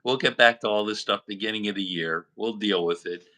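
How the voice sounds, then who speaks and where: A man's voice: on the low side, brisk, bright, forceful tone. A man co-hosting a livestream, laid-back and agreeable, often repeating himself. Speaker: co-host. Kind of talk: casual livestream chat.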